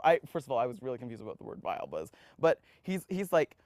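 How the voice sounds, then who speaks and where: A young man in his twenties telling his life story in an interview, animated and full of restarts, acting out the voices of others. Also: high-pitched, quick pace, hardly any pauses, no room sound, clean studio sound. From United States. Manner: animated, acts out quoted voices, frequent restarts.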